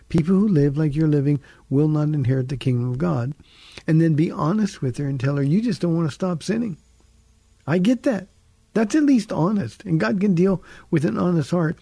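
A pastor hosting a radio Bible show, his voice gravelly and a little husky, with a dark, mellow tone. He teaches earnestly, leaning on key phrases and repeating them for emphasis, answering listener questions from a studio. The sound is close and dry, with no room around it. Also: on the high side, no echo.

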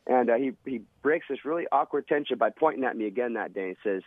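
A man's voice: mid-range voice, quick pace, no echo. A man, a former Navy SEAL, telling a vivid, dramatic story in an interview. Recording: tinny phone-line sound.

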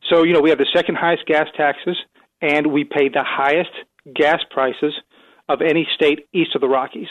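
A man appearing as a policy expert on a radio show, explaining in a measured way. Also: on the high side, steady tone, no room sound, muffled recording. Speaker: policy think tank guest. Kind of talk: radio interview.

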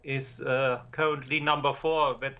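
A German-accented man calls in to a sports show and talks in a hesitant, halting way. His voice is muffled and lo-fi. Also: mid-range voice, flat delivery. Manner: hesitant, halting, many pauses. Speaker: caller.

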